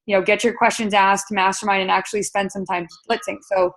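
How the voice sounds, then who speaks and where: A woman at a mid-range pitch talks a sales team through a webinar training. She coaches in an upbeat, conversational way, full of fillers and restarts. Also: level tone, fairly quick, a bit bright.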